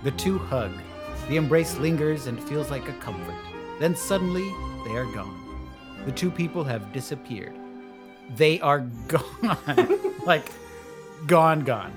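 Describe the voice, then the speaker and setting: Easygoing low-voiced woman co-host. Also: expressive, slow pace, music in the background. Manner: easygoing, laughs often. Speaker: podcast co-host. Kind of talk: casual chat and reading stage directions.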